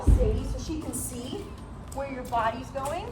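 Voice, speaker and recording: A woman with a high, darkish voice and lively intonation speaks at a moderate pace, heard from a distance in reverberant sound with slight background noise. She's a dog trainer demonstrating outdoors on a street or driveway, praising the dog and instructing the owners.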